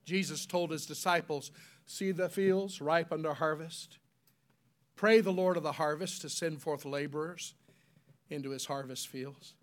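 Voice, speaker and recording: In his sermon, a man with a high voice spells key terms slowly and gets the congregation to repeat each one. His tone stays steady even as his delivery climbs to loud, emphatic peaks and sinks to soft, solemn lows.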